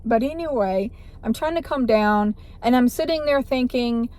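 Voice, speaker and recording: A woman's voice: on the high side, normal speed, few pauses, darkish tone. A woman vlogger telling a personal story in a rambling way, with restarts and self-corrections.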